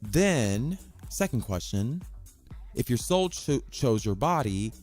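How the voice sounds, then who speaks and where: A male podcast host talking off the cuff in a mid-range voice, sassy and loose with his swearing. His pitch leaps high and drops low as he plays around, and soft music sits faintly underneath. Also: very animated, slow pace. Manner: sassy, profane and playful, with big swings in pitch. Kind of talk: casual podcast monologue.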